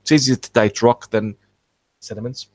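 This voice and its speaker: A man hosting an archaeology channel, talking through fossil features in a rambling, halting, self-correcting way. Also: medium pitch, steady tone, darkish tone, no echo. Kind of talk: casual explanatory commentary.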